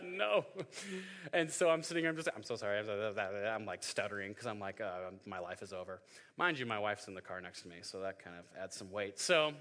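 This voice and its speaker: Bright-voiced young man preaching in a hall. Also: on the low side. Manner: joking storytelling, acts out voices. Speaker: youth pastor. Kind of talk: sermon. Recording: hall reverb.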